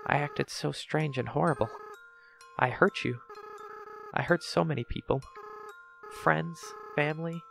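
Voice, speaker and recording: A man reading the lines of a remorseful young goat-monster boy prince from a game, slowly and apologetically. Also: a little high, gravelly, fairly bright tone, faint music behind. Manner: slow, tearful, apologetic reading. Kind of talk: reading game dialogue aloud.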